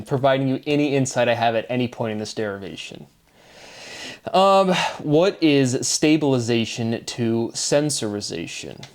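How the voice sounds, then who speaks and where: A man's voice: medium pitch, darkish tone. Man musing aloud over word patterns. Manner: musing, self-deprecating, wordplay-driven; drifts between quick asides and slow deliberate terms. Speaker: video creator. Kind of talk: rambling solo monologue.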